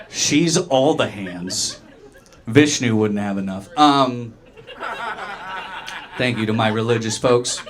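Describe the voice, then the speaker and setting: A man's voice: on the low side, slow, long pauses, crowd noise. A young man from Oklahoma doing a loose, self-mocking stand-up comedy set in a small dive bar, acting out the voices of other people.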